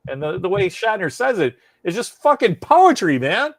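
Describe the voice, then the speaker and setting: A man co-hosting a podcast in casual chat, ranting in an animated way, swearing freely and laughing often. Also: sits high, normal speed, hardly any pauses, no room sound. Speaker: podcast co-host.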